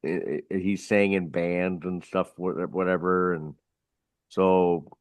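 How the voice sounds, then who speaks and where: Laid-back low-voiced male karaoke DJ. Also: steady tone, slow pace, dry recording. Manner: laid-back, rambling with fillers. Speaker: karaoke DJ co-host. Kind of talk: casual storytelling.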